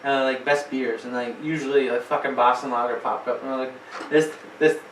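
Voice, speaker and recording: A man's voice: medium pitch, flat delivery, brisk, a bit bright, recorded from a distance. A laid-back man tells a casual, profane story on a podcast. The room echoes and he sits well back from the mic, with faint noise behind him. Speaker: podcast co-host. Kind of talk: casual chat.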